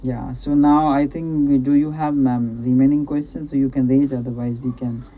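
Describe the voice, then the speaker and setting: On a call with muffled sound, an English-speaking coach runs a practice session as casual advice for a learner. His medium-pitched voice is steady and dark, moving at a moderate pace. He is encouraging and repetitive, constantly checking in with "right?" and sprinkling in "you know."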